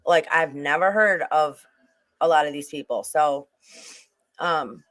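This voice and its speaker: A livestream host talks through a true-crime case in a loose, rambling way. The speaker often restarts sentences and breaks off to answer the chat. The voice sits at a middle pitch. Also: slow, fairly bright tone.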